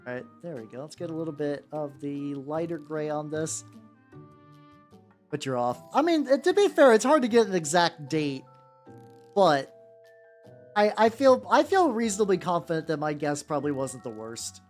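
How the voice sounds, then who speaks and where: A male streamer rambles and jokes with his viewers while painting, his voice swinging up and down in a lively, animated way. He talks loosely, swears freely and wanders off topic. Soft music plays quietly behind him. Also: a little high, moderate pace. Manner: rambling and joking, often swearing. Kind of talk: casual live-stream chat. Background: faint background music.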